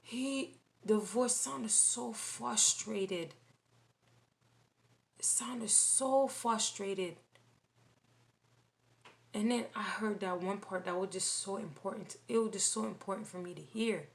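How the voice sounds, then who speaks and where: A woman recounting a dream in casual spoken testimony, halting and repeating phrases with many restarts. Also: medium pitch, gravelly.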